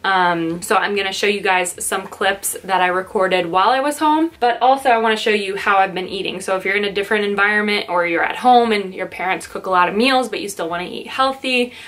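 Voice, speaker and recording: A woman's voice: medium pitch, brisk, hardly any pauses, fairly bright tone. A young woman in her twenties, chatting casually to camera in her bedroom, upbeat with lots of fillers. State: slightly out of breath. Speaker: lifestyle vlogger. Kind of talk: casual vlog talk to camera.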